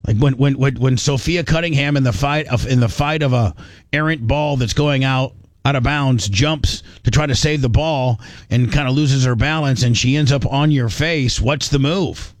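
A man hosting a talk radio show, trading crude banter in a rambling, stammering way. He keeps restarting his sentences and sometimes slips into a mock-clinical tone. His voice sits at an average pitch, and the studio sound is dry and close. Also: moderate pace, dry recording.

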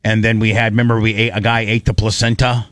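A man, a radio show host telling stories in casual chat, animated and acting out quotes. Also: lowish voice, quick pace, no echo. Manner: animated storyteller, acts out quotes.

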